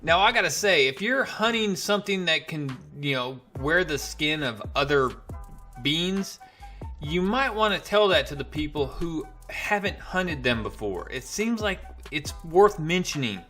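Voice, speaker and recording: Casting: man, comic reviewer, loose chatty recap, slightly high, bright tone. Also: lively intonation, measured pace, faint music behind. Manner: chatty, loose retelling with fillers and asides. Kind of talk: casual spoken recap.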